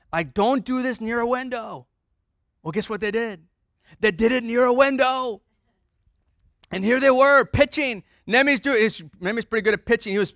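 A man's voice: high-pitched, a bit bright, dry recording, clean studio sound. A man preaching a sermon as pastor, telling a family story in a conversational way and acting out the dialogue.

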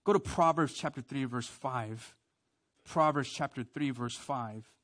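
A pastor with a medium-pitched voice preaches a sermon at a measured pace, leading his congregation in call and response. He swings between quiet emphasis and loud prayers.

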